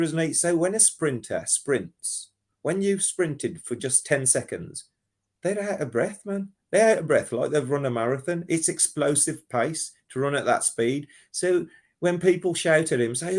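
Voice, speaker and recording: A man calling in to a football phone-in, talking in an animated, rambling way and often restarting his sentences. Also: on the high side, measured pace. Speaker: caller. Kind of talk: casual football phone-in chat.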